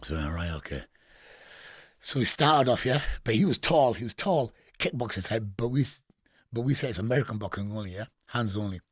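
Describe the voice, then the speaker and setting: A man's voice: medium pitch, lively intonation, brisk, husky, no room sound, studio quality. A man with a Geordie accent telling prison stories as a podcast guest, blunt and full of swearing, laughing at his own tales. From England. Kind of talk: storytelling in casual interview.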